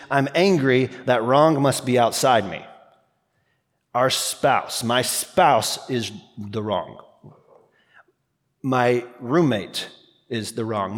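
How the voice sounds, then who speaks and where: A man preaching a sermon as pastor, talking in a conversational, animated way with quick asides. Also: medium pitch, long reverb tail.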